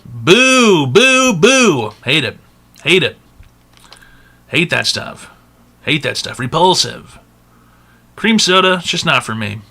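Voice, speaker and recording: A man's voice: on the high side, creaky, pushed and bright. A man hosting an online advice show in casual livestream chat, blunt and full of crude jokes.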